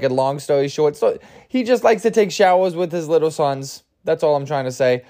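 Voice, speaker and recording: A man with a slightly high, darkish voice hosts a solo comedy podcast. He's groggy from an early start, rambling and crude, with self-mocking humor.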